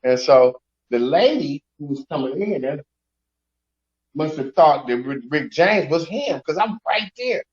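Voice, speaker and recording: A man's voice: a little high, measured pace. A man hosting a casual chat, telling stories in street slang and acting out the people he quotes. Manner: animated storyteller, raunchy slang, acts out quotes. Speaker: show host. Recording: slightly dull lo-fi recording.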